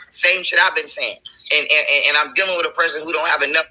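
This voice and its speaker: A man's voice: on the high side, steady tone, fast talker, pushed and bright, breathy edge, low-quality recording. A man in a played video clip, defending himself in an argument and recounting text messages. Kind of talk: heated self-defense.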